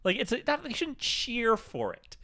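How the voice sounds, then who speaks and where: A man's voice: very high-pitched, wildly swooping pitch, normal speed, bright, forceful tone, no room sound, clean studio sound. A man co-hosting a comedy podcast, talking in profane, rambling banter. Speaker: podcast co-host.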